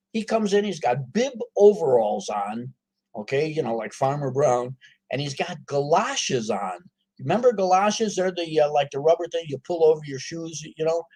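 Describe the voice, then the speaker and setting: A man telling a story in a folksy, animated way, full of asides to his listeners. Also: on the high side. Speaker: author. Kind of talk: storytelling to a live audience.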